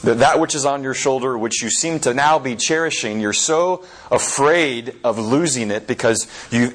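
A man preaching at a middling pitch, retelling a story with halting fillers between his words. He slows down to lean on key words. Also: fairly bright tone, rough recording. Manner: hesitant, with many fillers and slow emphatic phrasing.

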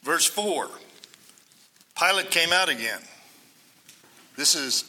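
A man preaching a Bible-teaching sermon, acting out quoted cries loudly, then dropping to hushed asides. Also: fairly high pitch, animated, slow. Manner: dramatic, swings between loud quoted cries and hushed asides. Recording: long hall reverb.

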